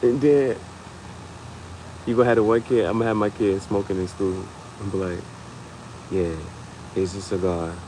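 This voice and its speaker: A young man with a lowish voice riffs through a casual comedy chat, laughing as he tells stories. He keeps jumping into high-pitched acted quotes of other people. A faint steady hum sits behind him. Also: fairly quick, long pauses, poor audio. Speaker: podcast host.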